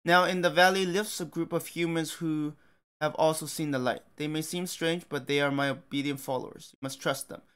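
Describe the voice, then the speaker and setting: A man's voice: fairly high pitch, steady tone, a little fast, fairly bright tone, smooth, lightly acted. A man voicing a commanding, condescending male god who speaks in a grand, lofty way.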